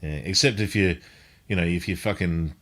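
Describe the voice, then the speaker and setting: Deep-voiced rambling man. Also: steady tone, moderate pace, a bit bright. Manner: rambling, lots of "you know", swears. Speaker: guest. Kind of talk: casual chat.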